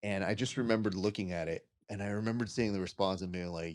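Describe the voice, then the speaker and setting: Low-voiced joking male podcast host. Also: quick pace. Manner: animated joking storyteller, acts out quotes. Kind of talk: casual interview chat.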